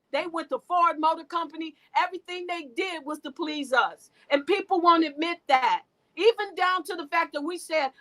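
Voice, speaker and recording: A woman's voice: extremely high pitch, sharp tone, poor audio. A woman guest speaking in an emotional, preachy way, often repeating and restarting her words. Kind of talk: impassioned spiritual talk.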